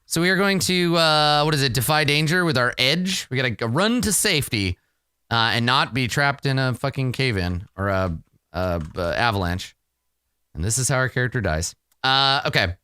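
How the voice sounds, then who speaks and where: A man's voice: medium pitch, animated, normal speed, bright, forceful tone, clean tone, no echo. A man thinking aloud as he plays a solo tabletop roleplaying game, rambling and swearing freely as the dice go against him.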